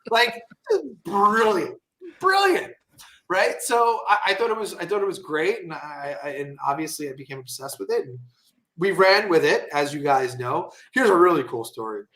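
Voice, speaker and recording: A man guesting on a podcast, telling casual stories with animated, profane asides and lots of fillers. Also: on the high side, fairly quick. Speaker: guest entrepreneur. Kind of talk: casual storytelling interview.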